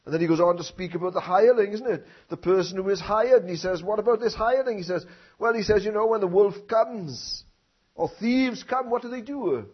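A man delivers a sermon in a high, husky voice. He keeps tagging his points with questions and swells into loud, stressed phrases. The recording sounds dull and lo-fi. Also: a little fast. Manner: rhetorical tag questions, swelling emphasis. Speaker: preacher.

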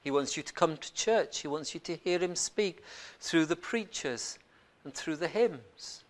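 A man preaching a sermon, earnest and conversational, moving from quiet reflection to loud emphatic points and often repeating words as he goes. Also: a little high, a little slow.

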